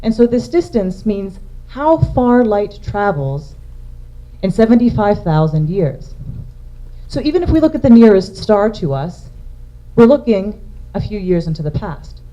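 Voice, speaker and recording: Woman, public science lecture, explaining slides, very dark tone, dull lo-fi sound. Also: mid-range voice, lively intonation, unhurried. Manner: explanatory, walking through slides. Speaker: astronomer giving a public lecture.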